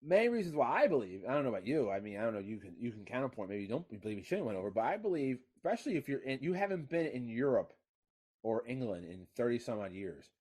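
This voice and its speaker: A man co-hosting a casual wrestling chat, swearing freely, whose voice climbs high and loud when he gets worked up. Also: very animated, fast, slightly rough. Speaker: podcast co-host.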